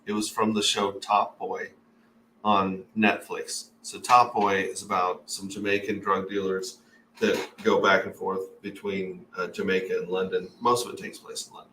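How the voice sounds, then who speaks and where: A man's voice: low-pitched, level tone, moderate pace, bright, forceful tone, slight background noise. Chatty male host in an echoey room. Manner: chatty, rambling, reads viewer comments aloud. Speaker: livestream host. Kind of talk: casual livestream chat. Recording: echoey room, mic at a distance.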